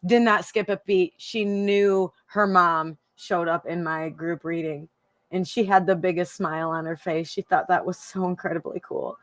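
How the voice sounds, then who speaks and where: A woman's voice: on the low side, fairly even intonation, moderate pace, no echo. A woman from Michigan chats on a live stream about her psychic readings. She talks in an emotional, rambling way, laughing often and repeating her own phrases. Her voice is recorded close and dry, with no room sound. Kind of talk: casual live-stream chat.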